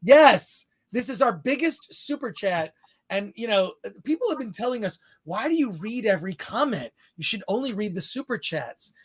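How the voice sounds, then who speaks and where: A man hosting a live-streamed podcast, with a voice that sits higher than most men's. He rambles along, reads viewer messages aloud and laughs easily at himself. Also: lively intonation, normal speed, breathy edge. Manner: rambling, laughing, self-deprecating. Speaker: podcast host. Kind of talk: live-stream podcast chat, reading super chats.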